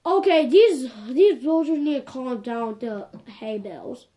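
High, lively woman ranting over gameplay. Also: unhurried. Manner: animated and exasperated, repeats "like, for real". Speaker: gameplay commentator. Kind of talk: casual game commentary.

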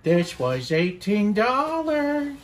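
A man in his thirties hosting a comedic cooking video, talking in a sardonic, deadpan, ranting way. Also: sits high, takes it slowly, heavy background noise. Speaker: cooking show host.

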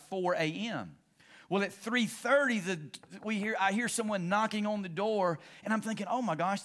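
A middle-aged male pastor preaching a sermon and telling stories, swinging between excited and hushed delivery. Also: sits high.

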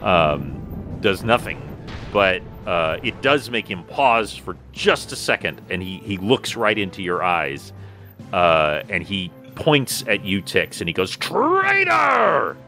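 A low-voiced man runs a tabletop game, his tone bright and forward. He talks in a relaxed way with many fillers and restarts. Faint music plays behind him. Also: slow pace. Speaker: game master.

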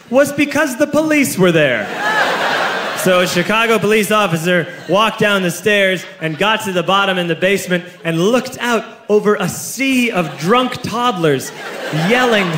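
A man in his thirties telling a stand-up story to a live audience, animated and bursting into fast excited stretches. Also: sits high, noisy background. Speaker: stand-up comedian. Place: comedy stage before a live audience. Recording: echoey live stage recording with laughing crowd.

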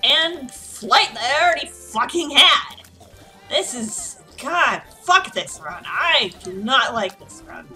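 A woman's voice: high-pitched, expressive, takes it slowly, soft background music. Tipsy, swearing woman gamer. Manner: profane, exasperated, yelling at the game. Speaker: let's play gamer. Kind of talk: casual gameplay commentary.

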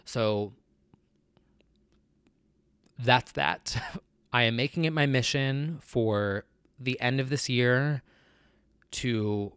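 A man's voice: mid-range voice, drawn-out words, pauses often, fairly bright tone, clear, resonant tone, no echo. A man with a nasal voice, talking earnestly and confessionally in a casual personal vlog, with many fillers. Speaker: vlogger.

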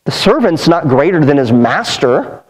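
A man's voice: fairly high pitch, big pitch swings, normal speed, low-quality recording. A man preaching a sermon as pastor, earnest and emphatic, building his points through repeated phrases. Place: church sanctuary.

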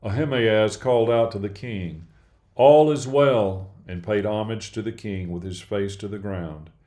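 A man reading a Bible passage aloud in a steady, measured way. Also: lowish voice. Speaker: scripture reader.

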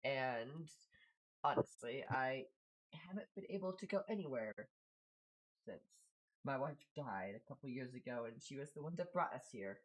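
A man voicing a fussy old father who has been stuck in his hut for years, talking haltingly with hums and mutters. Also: mid-range voice, expressive, lightly acted, poor audio.

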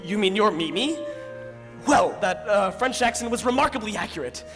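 A man's voice: high voice, lively intonation, normal speed, over music. An actor playing an earnest, lovesick young groom in a stage musical, pleading his case. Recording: reverberant stage sound.

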